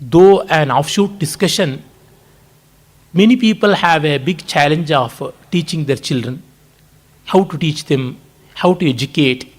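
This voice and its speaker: Indian man lecturing, fairly high voice. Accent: Indian English, Kannada. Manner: measured, explanatory, frequent "uh" pauses. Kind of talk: public lecture on culture. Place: lecture hall.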